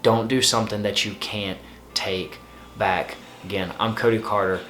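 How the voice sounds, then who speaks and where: A man's voice: lowish voice, steady tone, normal speed, a bit bright, roomy sound. A man hosting his own channel, giving earnest, repetitive, pleading advice. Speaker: host.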